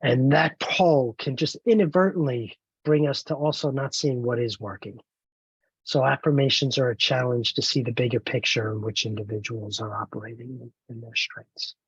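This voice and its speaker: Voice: medium pitch, steady tone, normal speed, breathy edge, no room sound, dull audio. A trainer leading an online training webinar, encouraging and explaining step by step over a video call.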